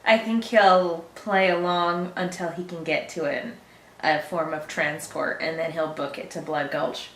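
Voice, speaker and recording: A woman co-hosting a casual reaction chat, playful and quick to laugh. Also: lowish voice, roomy sound. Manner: laughs often, animated and playful. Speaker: reaction channel co-host.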